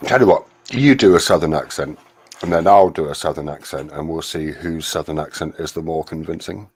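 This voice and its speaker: A man's voice: a bass voice, brisk, slightly rough. A man hosting a casual live group chat, teasing and making playful requests.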